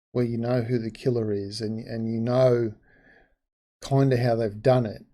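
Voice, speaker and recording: Rambling man reviewing a film, mellow voice. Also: mid-range voice. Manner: rambling, frank, with frequent restarts and asides. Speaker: movie reviewer. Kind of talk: casual spoken film review.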